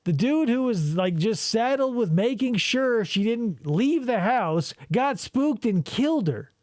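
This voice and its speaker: A man with a high voice hosts a podcast and riffs on interrogation footage. He rambles, swears freely and laughs as he goes. His voice sounds dry and close. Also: very animated, unhurried, a little mellow, no echo. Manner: rambling, profane, laughs often. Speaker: podcast host. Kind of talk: casual commentary on interrogation footage.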